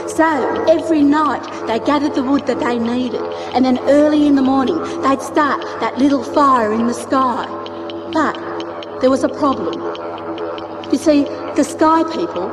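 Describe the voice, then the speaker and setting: A woman telling a traditional story in an expressive, rhythmic style with repeated phrases. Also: high voice. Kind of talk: oral storytelling. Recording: echoey hall with music behind.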